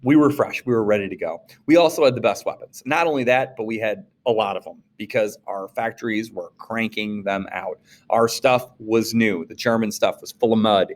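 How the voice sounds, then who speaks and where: Lecturing his class casually, this male social studies teacher stays lively and playful. Whenever he quotes someone, he acts out the voice quickly, his pitch leaping dramatically.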